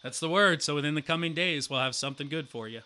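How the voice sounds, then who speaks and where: A young man in his twenties co-hosting a casual sports podcast, telling a profane story and acting out the quotes loudly. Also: fairly high pitch, quick pace. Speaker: podcast co-host.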